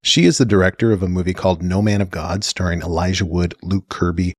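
A middle-aged man with a low, deep voice hosts a podcast in easy, chatty conversation. He laughs often and drifts into quieter asides. The recording is close and dry, with no room sound. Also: fairly even intonation, fast talker, no room sound. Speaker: podcast host. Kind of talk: casual chat.

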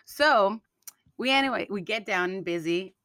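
A woman's voice: mid-range voice, normal speed, no room sound, clean studio sound. A woman co-hosting a casual chat podcast, telling stories animatedly, acting out quotes and switching between English and Spanish. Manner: animated storyteller, acts out quotes. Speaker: podcast co-host. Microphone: studio USB mic.

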